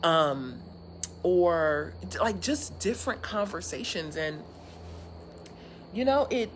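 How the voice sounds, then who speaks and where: A woman's voice: lowish voice, animated, takes it slowly, a little hiss or hum. A woman from California chatting earnestly and casually to an online audience from her porch, with many fillers and restarts. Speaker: speaker sharing with an online audience. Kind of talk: casual live chat. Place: outdoor porch.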